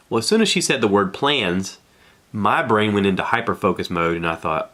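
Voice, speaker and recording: Man, middle-aged, very low voice, casual monologue, rambling, self-deprecating, outdoors on a porch. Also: animated, normal speed, bright, forceful tone. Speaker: podcast host. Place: outdoors on his back porch.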